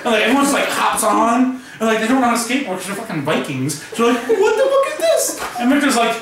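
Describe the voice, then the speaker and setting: A man spins an improvised comic tall tale, rambling, swearing and laughing as he goes, leaning heavily on filler words. His voice sits high for a man. It reaches the mic from across a very echoey room, with a crowd murmuring behind him. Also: animated, quick pace. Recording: very echoey, distant, crowd noise.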